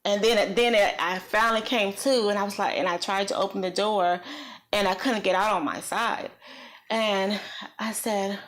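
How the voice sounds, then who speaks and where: A woman vlogger recounting a personal experience in an earnest, reflective way, slow and halting with many pauses. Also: medium pitch, steady tone, a bit bright. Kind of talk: personal storytelling.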